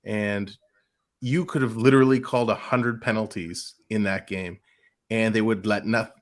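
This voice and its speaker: Brief: male co-host, even-toned, frustrated, matter-of-fact. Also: fairly low pitch, normal speed. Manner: steady, frustrated critique. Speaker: hockey show co-host. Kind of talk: casual sports chat.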